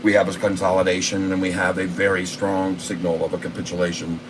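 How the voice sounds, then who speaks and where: A man imitating a male horse-race announcer with rapid announcer patter. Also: sits low, monotone, recorded from a distance, a little hiss or hum, voice pushed down, close to an everyday voice, poor audio. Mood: hyped.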